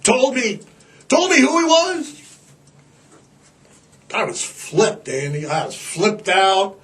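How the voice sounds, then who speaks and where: Man podcast host, high voice, unhurried delivery, irreverent and profane, stammering, rambling. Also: huge pitch swings, fairly bright tone. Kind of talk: rambling comedic monologue.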